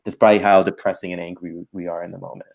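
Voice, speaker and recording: A man running for local office speaks as a streamed guest, earnest and hopeful. His voice is very deep and he talks at a brisk clip. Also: level tone, creaky, darkish tone. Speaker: political candidate guest. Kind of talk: interview answers.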